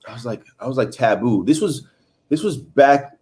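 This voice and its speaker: A man's voice: medium pitch, expressive, moderate pace, a little mellow. Chatty man hosting a food livestream. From Haiti. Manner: chatty, reads viewer comments aloud. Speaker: livestream host. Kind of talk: casual livestream chat.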